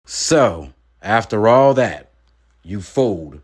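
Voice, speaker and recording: A pushy interviewer who asks leading, needling questions to stir up a feud, as a man plays him in a comedy sketch. He speaks in a lower, steadier register than the rappers around him. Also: expressive, slow, breathy edge, exaggerated voice. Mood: probing. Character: pushy male interviewer hungry for drama.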